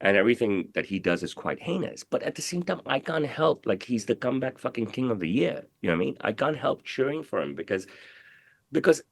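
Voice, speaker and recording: A man's voice: mid-range voice, very animated, brisk, vocal fry, no room sound. A man giving an interview in casual talk, swaggering and profane, rambling with lots of repeated fillers. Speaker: interview guest, tailor.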